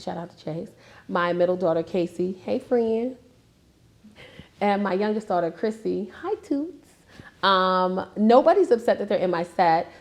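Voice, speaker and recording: Animated woman comedian telling stories. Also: medium pitch, vocal fry. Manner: animated storytelling, acts out family members. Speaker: stand-up comedian; interview guest. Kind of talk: casual interview chat.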